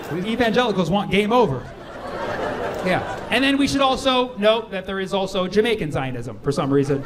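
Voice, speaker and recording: Recorded live at a comedy club, a man delivers stand-up in a high-pitched, expressive voice, full of playful irony, fast asides, and impersonated quotes. There's background noise, and the crowd laughs along.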